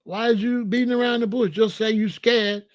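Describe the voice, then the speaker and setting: Confrontational man with a high voice. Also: steady tone, moderate pace, no echo, studio quality. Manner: confrontational, repeats questions, preachy. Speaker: host answering a viewer. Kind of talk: live-stream commentary.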